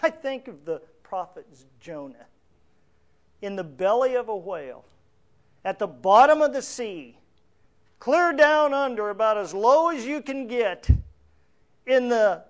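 A man preaching a sermon, reading scripture verse by verse and explaining it, swelling louder on emotional lines and dropping softly on quiet ones. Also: high voice. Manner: earnest, reads scripture aloud and explains it verse by verse. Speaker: pastor.

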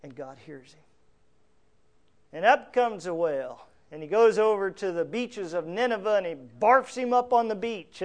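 A man preaching a sermon, reading scripture verse by verse and explaining it, swelling louder on emotional lines and dropping softly on quiet ones. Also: sits high. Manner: earnest, reads scripture aloud and explains it verse by verse. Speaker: pastor.

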